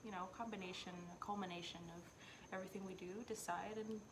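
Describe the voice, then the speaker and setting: A woman's voice: mid-range voice, steady tone, quick pace, noisy background. A woman from Central America chatting as a guest friend in a casual, earnest, musing way. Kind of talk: casual chat.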